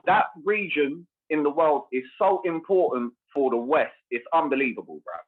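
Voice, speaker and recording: A fired-up man rants through a tinny, phone-like call line. His voice sits a little high and slightly husky. He swears heavily and says "bro" and "bruv" every few words. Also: moderate pace. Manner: animated, ranting, heavy swearing, peppers speech with bro and bruv. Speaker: podcast co-host. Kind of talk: heated casual chat. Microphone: remote call.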